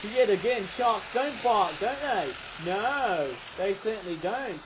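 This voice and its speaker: A man with a strikingly high voice rambles through a casual toy review, often ending his sentences with a questioning "eh?". He raises his voice to carry over a rattling toy train, and a faint hum of noise sits behind him. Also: lively intonation, unhurried, dull audio. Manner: rambling, chatty, tags lines with "eh?". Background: toy train running.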